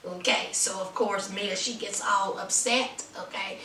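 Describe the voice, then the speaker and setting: A woman chatting through a lively, sassy recap of a TV episode, full of asides to the viewer. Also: medium pitch, a little slow, hardly any pauses, echoey room, recorded from a distance, a little hiss or hum. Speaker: TV episode reviewer.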